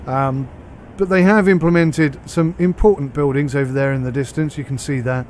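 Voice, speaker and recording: A man's voice: fairly high pitch, steady tone, moderate pace, a little mellow, slight background noise. Chatty British man reviewing a game. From United Kingdom. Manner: chatty, rambling, thinking aloud. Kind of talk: casual gameplay commentary.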